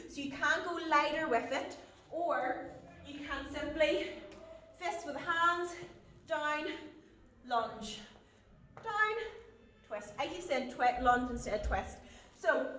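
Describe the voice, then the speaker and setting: A woman talking through a workout as a fitness instructor, giving brisk, short coaching cues. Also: high-pitched, bright, forceful tone, slight background noise. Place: indoor gym. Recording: echoey gym, mic at a distance.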